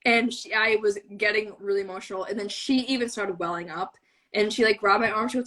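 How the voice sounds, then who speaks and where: A woman's voice: mid-range voice, steady tone, brisk, a bit bright, rough recording. A young woman telling a fan story in a casual chat, gushing and breathless with many fillers. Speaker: fan panelist.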